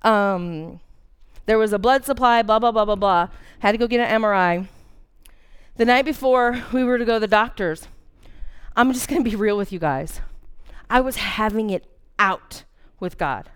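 A woman's voice: on the high side, normal speed, long pauses, clean tone. A woman in her forties preaching a sermon, earnest and candid, telling a personal story with dramatic emphasis. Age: 40s.

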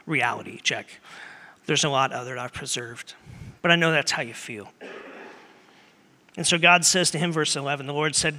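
A man preaching a sermon as pastor, earnest and conversational, dropping to a hush at times and rising loud at others. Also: a little high, normal speed. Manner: conversational and earnest, shifting between loud and hushed. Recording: long hall reverb.

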